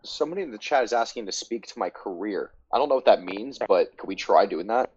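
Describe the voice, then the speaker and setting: A man's voice: lowish voice, expressive, fast talker, darkish tone, husky, dry recording. A man streaming and chatting casually, joking and swearing freely. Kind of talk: casual chat. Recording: dull lo-fi mic.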